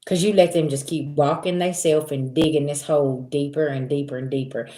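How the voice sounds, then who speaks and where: A woman with a lowish voice and a Black hosts a spiritual livestream from home. She talks straight to her viewers, animated and direct, and keeps coming back to "listen" and "okay". The sound is roomy and echoey. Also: brisk. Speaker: spiritual reader. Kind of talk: casual livestream chat.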